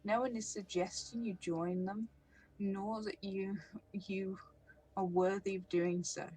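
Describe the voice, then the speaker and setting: A woman doing an icy, wealthy patriarch from a role-playing game, clipped and formal. He gives orders with cold authority and little warmth. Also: mid-range voice, steady tone, slow, slight background noise, lightly acted, rough recording. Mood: stern. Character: cold, wealthy older man, stern patriarch.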